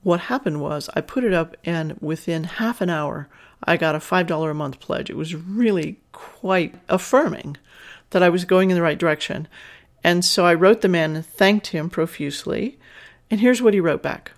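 A woman's voice: on the low side, moderate pace. A woman hosting her own podcast, talking to listeners in an enthusiastic, frank way and laughing easily. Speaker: podcast host. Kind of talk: casual solo podcast talk.

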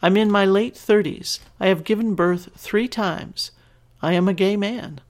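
Speaking at a measured pace, a woman with a medium-pitched, darkish voice hosts a podcast. She reads out a listener's letter and responds with earnest emotion, sometimes tearing up and sometimes laughing.

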